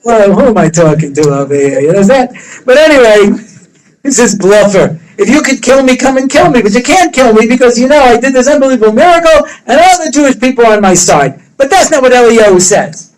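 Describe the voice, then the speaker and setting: A rabbi lectures to students in a fairly high voice. He tells the story with animated humor, slipping into the characters' voices as he goes. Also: a little fast, low-quality recording. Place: study hall.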